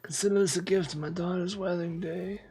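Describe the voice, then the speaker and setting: A streamer putting on a grave, aging mafia boss who speaks in slow, deliberate, menacing sentences. The voice sits higher than his natural low register and has a husky edge. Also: steady tone, warm tone, soft background music, heavily acted. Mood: solemn. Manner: slow, solemn, deliberate delivery.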